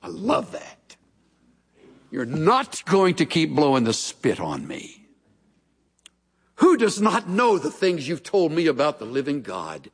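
A man's voice: a little high, big pitch swings, measured pace, slightly rough. A male pastor preaching a sermon, telling stories with folksy humorous asides in a large church hall. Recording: long reverb of a large hall.

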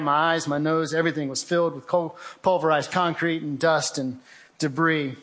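A man's voice: fairly high pitch, fairly even intonation, brisk, fairly bright tone. A man giving a vivid, urgent testimony talk, telling a survival story with remarks of faith. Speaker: guest speaker.

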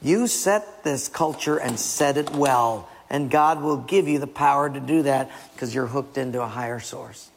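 A man's voice: medium pitch, moderate pace, gravelly, few pauses, slight background noise. A man preaching a sermon emphatically, often dropping to a near-whisper, in a church hall. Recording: long hall reverb.

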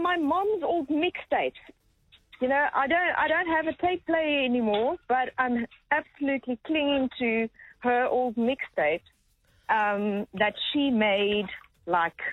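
A woman calling in to a radio chat, agreeable and full of fillers, heard over a phone line. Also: mid-range voice. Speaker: caller.

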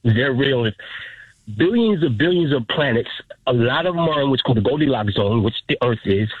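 A middle-aged man calling in to a radio show, telling an emotional story in a halting voice that keeps breaking off and repeating itself. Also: mid-range voice, animated, slightly rough, no room sound. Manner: halting, choked up, repeats himself. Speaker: caller. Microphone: telephone. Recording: muffled phone line.

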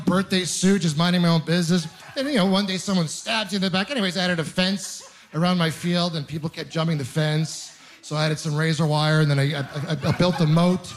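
A young man performing a stand-up comedy set on stage, telling stories and acting out both sides of his dialogues. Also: on the high side. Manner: animated storytelling, acts out both sides of dialogues. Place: comedy stage with a live audience.

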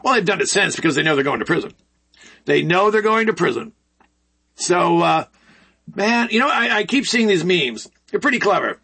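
A man's voice: sits high, expressive, moderate pace, pushed and bright, husky. A man hosting casual political commentary, folksy and rambling with sarcastic asides.

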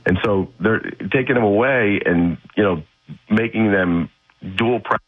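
Blunt man on a husky phone line. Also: fairly low pitch, measured pace. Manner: blunt, opinionated, emphatic. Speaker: guest football analyst. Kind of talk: sports radio talk.

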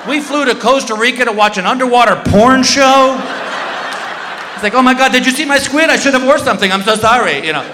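Stand-up guy telling a story on stage, high voice jumping all over, echoey hall sound. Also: a little fast, noisy background. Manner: loud, animated, acts out voices with yelps. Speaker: stand-up comedian. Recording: live show in a hall with reverb.

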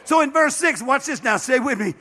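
Man, bishop preaching, very high voice, bright tone, fervent sermon, amen after amen. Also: expressive, a little fast. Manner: impassioned preaching with frequent amens and calls to the congregation. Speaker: bishop and pastor.

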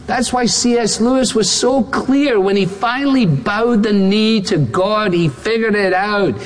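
High, animated preacher in a reverberant hall. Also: male voice, a little hiss or hum. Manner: emphatic, rhetorical, builds repeated phrases. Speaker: pastor. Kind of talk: sermon.

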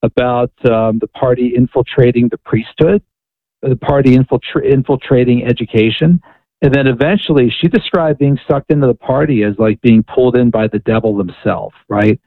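A man's voice: medium pitch, moderate pace, no room sound. A man, a guest author, telling a story on a radio interview, often repeating and restarting words. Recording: tinny phone line.

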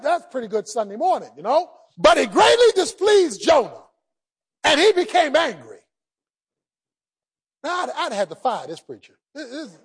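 Give me a man preaching a lively sermon, folksy and humorous, with a very high, animated voice. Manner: emphatic, humorous, shouted emphasis; folksy colloquial speech.

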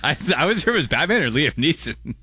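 A young man, hosting call-in talk radio, quick and loose as he reads listener texts aloud. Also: fairly high pitch, big pitch swings, bright, forceful tone, husky, dry recording. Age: young adult. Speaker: radio host. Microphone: close studio microphone.

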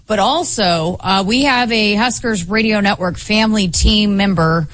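A young woman co-hosting a sports radio show, cheerful and quick to laugh. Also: mid-range voice, a bit bright. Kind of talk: casual sports show banter.

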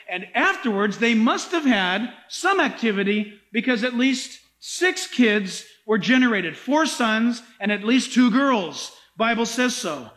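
A pastor delivers a sermon in a strikingly high male voice. He preaches with animated, dramatic emphasis, pressing each point home.

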